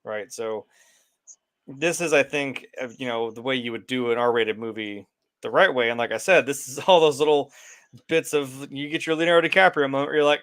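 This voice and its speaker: Rambling, filler-heavy male co-host chatting about movies, mid-pitched, laughs often. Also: normal speed, fairly bright tone. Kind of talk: casual movie review chat.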